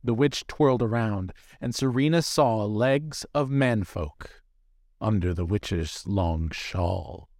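A man narrating a rhyming story in a measured, unhurried way. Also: on the low side, a little mellow, no room sound, studio quality.

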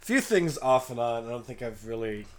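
An American man with a hoarse, cold-worn voice, co-hosting a casual podcast chat with wry, easygoing humor. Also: medium pitch, animated, a little fast. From United States. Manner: laughs often, wry and easygoing. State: hoarse, voice mostly gone from a cold. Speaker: podcast co-host.

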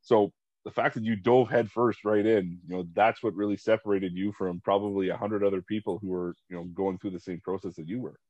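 A very deep-voiced man hosts an interview, keeping an affable, chatty tone as he asks his questions. His audio is muffled and lo-fi, with a dry, close sound and no room echo. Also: fairly even intonation, fairly quick, a little mellow. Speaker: podcast host. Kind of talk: conversational interview.

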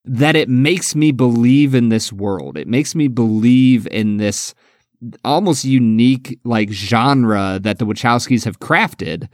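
A man's voice: medium pitch, slow, dry recording. Enthusiastic laughing man, dry close sound. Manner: enthusiastic, laughs often, uses fillers like "like" and "dude". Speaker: podcast co-host. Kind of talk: casual film discussion.

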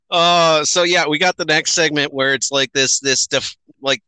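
A man co-hosting a casual podcast, laughing and mocking a bad film with profane, lively chatter. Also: fairly high pitch, clear, resonant tone, no room sound. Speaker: podcast co-host. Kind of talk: casual chat reviewing a film.

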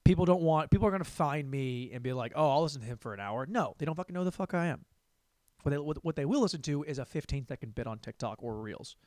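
A man's voice: fairly high pitch, lively intonation, fast talker, darkish tone, dry recording, clean studio sound. A young man hosting his own podcast, a stand-up comic rambling casually, swearing and laughing at himself. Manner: rambling, profane, self-mocking, laughs often. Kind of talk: casual solo podcast monologue.

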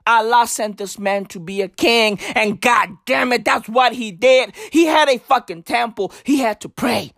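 A woman doing a satirical comedy rant, loud and profane, often bursting into mock-outraged shouts and heavy street slang. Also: a little high, moderate pace, vocal fry, hardly any pauses, no echo, studio quality.

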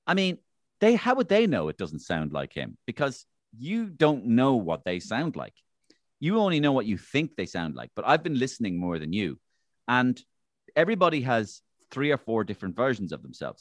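A man's voice: mid-range voice, normal speed, no room sound, clean studio sound. A man who works as an impressionist, talking in an interview and acting out voices as he tells stories. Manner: lively storyteller who acts out voices. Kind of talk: conversational interview.

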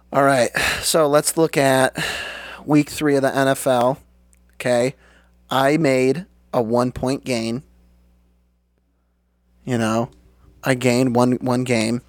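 A man's voice: mid-range voice, no echo. Young male podcast co-host, loose and profane, dry close mic. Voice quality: laid-back, swears often, laughs easily. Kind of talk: casual sports chat.

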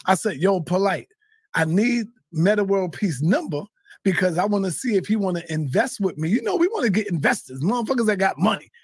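A man telling a heated, profane story in casual talk, often shouting. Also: high-pitched, big pitch swings, brisk, slightly rough, no echo, studio quality. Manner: swears a lot, heated. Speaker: guest. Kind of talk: animated storytelling.

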